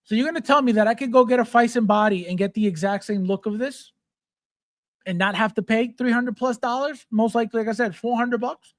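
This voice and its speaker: A man's voice: extremely high pitch, brisk, no echo, clean studio sound. Blunt, mocking man ranting on a stream. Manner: blunt, mocking, swears freely, mimics fans. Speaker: host. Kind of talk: ranting live-stream chat.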